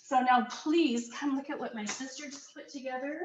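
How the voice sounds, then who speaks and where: A woman's voice: sits high, moderate pace, muffled recording, background noise. A woman from Canada giving a casual cooking demonstration in a community kitchen, chatty and enthusiastic as she tells stories.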